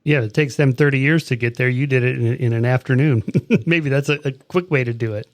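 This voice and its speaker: A man's voice: medium pitch, a little fast. A man in his sixties hosting a podcast, chatting casually and cutting in on himself in a conversational interview. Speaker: podcast host.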